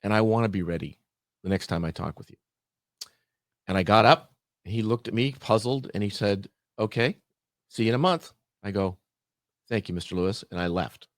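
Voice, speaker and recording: With a fairly low pitch and a brisk delivery broken by long pauses, a middle-aged podcast guest tells a story from work. He's animated in the casual chat, playing both roles in the dialogue. The sound is studio quality, without echo.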